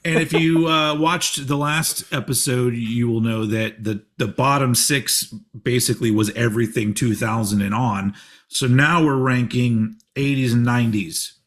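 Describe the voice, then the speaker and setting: A man's voice: mid-range voice, measured pace, fairly bright tone. A man in his forties hosting a podcast, telling rambling stories in casual chat, swearing and laughing often. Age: 40s. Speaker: podcast host.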